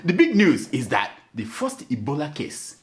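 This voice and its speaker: Male comedy host, lively swooping delivery over a crowd. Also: fairly high pitch, normal speed. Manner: animated, laughing, mock-pompous. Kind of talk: satirical late-night comedy monologue.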